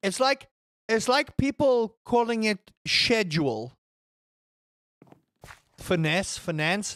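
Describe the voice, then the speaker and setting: Excitable man streaming, lively swooping voice. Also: high-pitched, takes it slowly, pauses often, slight background noise. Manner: dramatic, excitable outbursts with stammered repeats and swearing. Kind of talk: casual live-stream chat to viewers.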